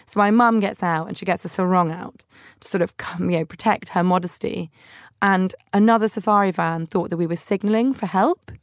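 A woman's voice: medium pitch, fairly quick, no room sound, studio quality. A woman hosting a podcast, telling funny stories in a chatty way and acting out the quotes. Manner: chatty, animated anecdotes with acted-out quotes. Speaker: podcast host. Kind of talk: casual storytelling monologue.

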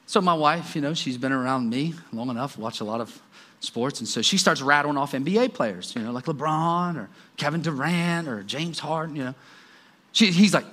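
A man's voice: on the high side, animated, normal speed, bright, forceful tone. A man in his forties preaching a sermon, telling family stories with self-deprecating humor. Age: 40s. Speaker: pastor.

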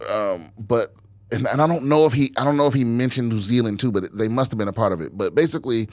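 A man's voice: medium pitch, fast talker, dry recording. Rambling man hosting a podcast. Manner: rambling, many restarts, swearing, laughs often. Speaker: podcast host. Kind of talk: casual podcast chat.

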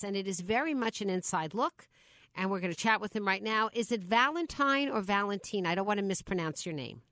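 A woman talk show host with a New York accent, interviewing a guest in a chatty, quick manner. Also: mid-range voice, no room sound. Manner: chatty, warm-up questions, quick asides.

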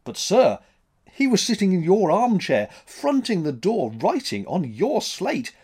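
A man's voice: sits high, wildly swooping pitch, measured pace, darkish tone, breathy edge, voice pushed up, full character voice. A man voicing a frightened, insistent male ship's mate in a spoken story, sounding agitated and pleading. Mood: alarmed, pleading.

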